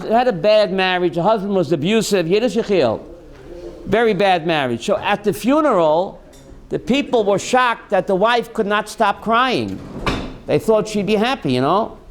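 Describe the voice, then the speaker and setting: A man teaching a Torah class as a rabbi, mixing jokes with questions to his students. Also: sits high. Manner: joking, calls on students by name, asks the class questions.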